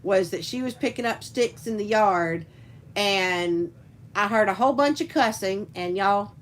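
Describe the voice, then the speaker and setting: A woman's voice: mid-range voice, a little hiss or hum, rough recording. Chatty woman telling rambling stories. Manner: chatty, rambling storyteller who laughs often. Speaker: livestream host and teacher. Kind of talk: casual live chat reading viewer comments.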